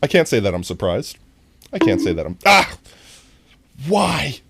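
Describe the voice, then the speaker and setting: A live streamer chatting casually to viewers while playing, goofy and rambling, often breaking into high laughter. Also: very animated, unhurried, vocal fry, fairly bright tone, husky, no echo, studio quality. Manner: talks directly to chat. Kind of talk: casual gameplay stream chat.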